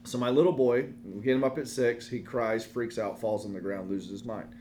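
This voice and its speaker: Casual male co-host, thirties, lively storyteller, slight noise floor. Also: medium pitch, fairly quick. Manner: animated storyteller, quoting family in lively voices.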